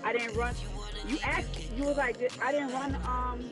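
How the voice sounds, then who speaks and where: A woman's voice: high-pitched, steady tone, normal speed, loud music behind the voice. A woman guest on a casual podcast, indignant and profane as she reads messages aloud.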